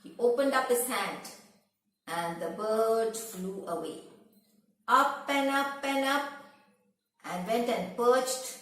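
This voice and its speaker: A woman narrating a children's story in a gentle, sing-song way. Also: a little high, animated, slow, long pauses. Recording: echoey room, voice from far off.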